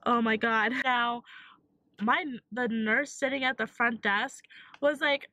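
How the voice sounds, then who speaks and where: A young woman vlogging while sick with a sore throat, telling an animated storytime with lots of likes and acted-out quotes. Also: a little high, slow pace, no room sound. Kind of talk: casual storytime vlog.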